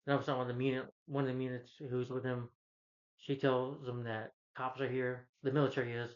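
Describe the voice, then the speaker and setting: A man's voice: medium pitch, little pitch movement, quick pace. Rambling male film reviewer, lo-fi. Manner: rambling, full of "you know" fillers, exasperated. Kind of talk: rambling casual review rant.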